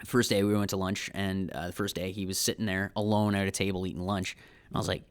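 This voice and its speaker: A young Canadian man rambles through a casual podcast story, doubling back on his words with plenty of ums. His voice sits on the low side, smooth and clear. The sound is dry and close. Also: little pitch movement, fast talker, dry recording. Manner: rambling storyteller, many fillers and restarts. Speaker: guest, filmmaker.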